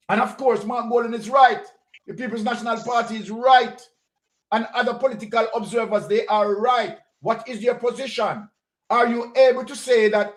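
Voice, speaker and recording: A man's voice: extremely high pitch, a little slow. A man with a Jamaican accent giving a combative political commentary, directly accusing the person he talks about. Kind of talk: monologue commentary.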